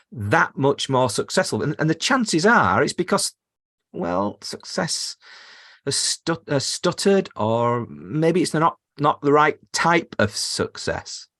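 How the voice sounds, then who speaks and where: A man's voice: a little high, fairly bright tone. A man hosting a podcast interview, chatting casually and often restarting phrases while he searches for words. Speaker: podcast host.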